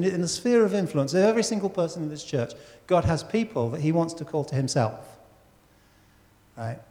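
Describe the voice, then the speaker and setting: A sermon rings through a church hall with long reverb as a pastor with a high-leaning, darkish voice speaks to his flock. His manner is conversational, and he keeps asking the congregation questions.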